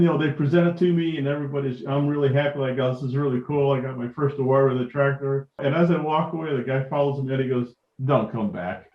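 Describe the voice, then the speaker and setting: A man telling stories as a podcast guest, acting out what people said to him. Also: on the high side. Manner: animated anecdotes, acts out dialogue. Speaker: guest, tractor collector. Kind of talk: storytelling in a podcast interview. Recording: echoey room, dull lo-fi sound.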